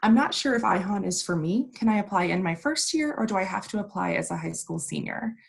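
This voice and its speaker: A woman moderating a panel Q&A over a video call, upbeat and quick to laugh. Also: mid-range voice, expressive, creaky, slightly rough. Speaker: webinar moderator.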